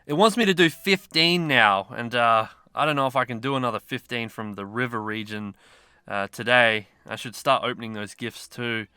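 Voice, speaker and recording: A man's voice: medium pitch, normal speed, pushed and bright, clean tone, no room sound, studio quality. A man giving casual, rambling gameplay commentary with self-mocking asides. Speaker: mobile game YouTuber.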